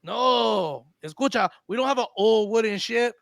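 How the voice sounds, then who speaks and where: A man's voice: sits high, animated, normal speed, vocal fry, fairly bright tone, dry recording, clean studio sound, full character voice. A male radio host voicing a brash, cocky Mexican Navy captain with a Mexican accent, bragging in swaggering slang. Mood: boastful. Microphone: studio microphone.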